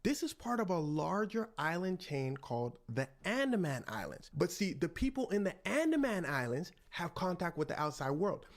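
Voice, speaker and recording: Gravelly, animated male storyteller. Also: sits high, normal speed, hardly any pauses. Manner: playful, animated, slangy. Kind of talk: comedic storytelling.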